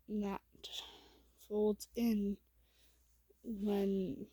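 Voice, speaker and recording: A woman tells a story in a whispered role-play, her voice breathy and hushed. She speaks slowly in a dark, mellow tone that stays flat and even. The sound is close and dry. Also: fairly high pitch, dry recording, rough recording. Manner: soft, hushed and slow, with small slips.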